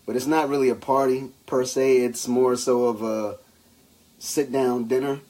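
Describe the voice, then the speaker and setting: Slangy animated man podcasting. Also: mid-range voice, unhurried. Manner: animated storyteller, acts out quotes, slangy. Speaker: podcast co-host. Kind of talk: casual banter.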